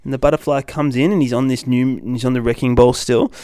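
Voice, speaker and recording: A man's voice: mid-range voice, fairly even intonation, fast, warm tone, clear, resonant tone, no echo, clean studio sound. A man reading a comic aloud to his young child, playful and sing-song, with big reactions. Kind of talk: animated comic read-aloud.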